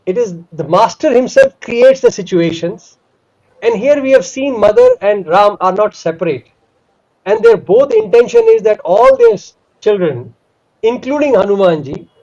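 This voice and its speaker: A man retelling a devotional scripture story with animated emphasis. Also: high voice. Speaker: spiritual storyteller. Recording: dull lo-fi recording.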